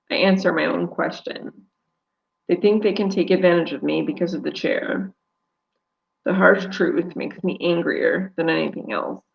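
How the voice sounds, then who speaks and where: A woman's voice: on the low side, gravelly, dull audio. A woman author reading her novel aloud live, narrating steadily in first person.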